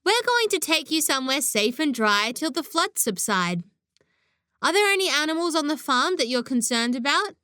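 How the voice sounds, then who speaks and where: A woman's voice: high voice, sing-song, normal speed, bright, forceful tone, no echo, clean studio sound, pitched above the performer's own voice, full character voice. A woman voicing a kind, practical female flood rescuer who reassures a family. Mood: reassuring.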